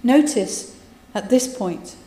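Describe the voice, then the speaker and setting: A woman preaches in a relaxed, conversational way, retelling scripture and adding her own asides. Her voice is mellow and warm. It rings with long reverb across a large hall. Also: a little high, takes it slowly. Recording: echoey hall, voice from a distance.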